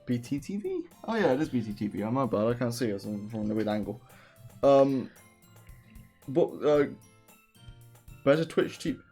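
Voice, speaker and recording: A man's voice: medium pitch, very animated, normal speed, long pauses, a little mellow, soft background music. A young man from England with a southern English accent, chatting casually and joking while streaming a game. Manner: joking, rambling, swears freely.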